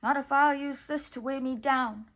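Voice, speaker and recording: A woman's voice: sits high, fairly even intonation, normal speed, a bit bright, voice pushed up. Pinocchio, an earnest wooden puppet boy, as a woman puts him on. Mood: determined. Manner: eager, earnest exclamations.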